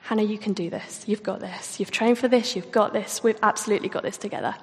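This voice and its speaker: A woman's voice: medium pitch, steady tone, fast talker, in a large hall, lightly acted. A woman quoting her straight-talking, matter-of-fact mother in a talk, in a blunt, firm, clipped way. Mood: encouraging.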